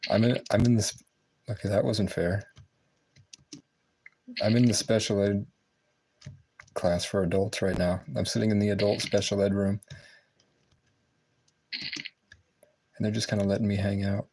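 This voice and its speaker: Casting: gravelly, low-pitched man, frustrated streamer muttering and cursing, keyboard clicks in the background. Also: little pitch movement, unhurried, long pauses, a little mellow, a little hiss or hum, poor audio. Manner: frustrated muttering, swearing at the game. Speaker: livestreamer. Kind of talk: casual livestream commentary while gaming. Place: room in a public building.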